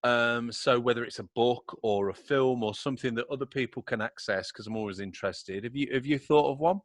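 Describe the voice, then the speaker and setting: A man hosting a podcast interview, cheerful and quick to laugh. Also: mid-range voice, dry recording, studio quality. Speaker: podcast host. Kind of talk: casual interview chat.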